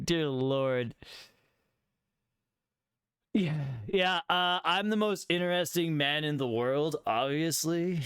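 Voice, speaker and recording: A man's voice: fairly high pitch, a bit bright, smooth, dry recording, studio quality. Sarcastic, jokey male game streamer. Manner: sarcastic, jokey, reads quiz questions aloud. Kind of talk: casual live gameplay commentary.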